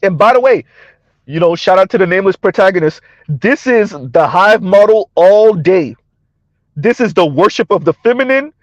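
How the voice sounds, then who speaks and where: A man's voice: high voice, lively intonation, normal speed, dry recording, lo-fi sound. A man giving a combative, sarcastic opinion rant to his viewers, repeating his points and laughing between them. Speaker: commentary vlogger.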